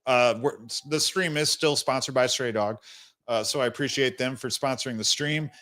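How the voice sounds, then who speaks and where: Bright and forceful at normal speed, this mid-range male voice belongs to a young crypto livestream host. He's blunt and rambling, restarting often, and struggles with hiccups and shortness of breath.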